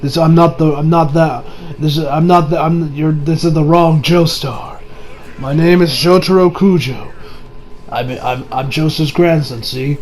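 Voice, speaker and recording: Stoic young man, done by a male reviewer; low, slow, deadpan. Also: natural voice.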